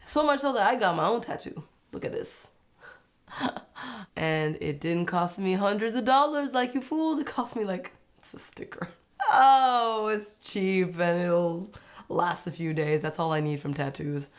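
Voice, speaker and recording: A young woman talks through a reality show episode in a casual, opinionated way, with a voice that sits a little low for a woman. She is chatty and sarcastic, and now and then she jumps into a high, mocking voice to imitate people. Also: normal speed. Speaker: reality TV recap vlogger.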